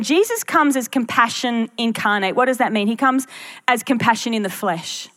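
A woman's voice: fairly high pitch, animated, normal speed, fairly bright tone. A woman pastor preaching a sermon to her church, earnest and full of rhetorical questions to the congregation.

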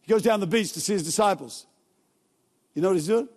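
A male pastor giving a sermon in a church, telling stories in a casual, joking way with quick asides. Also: high voice, darkish tone. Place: large church hall. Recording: long reverb from a church hall.

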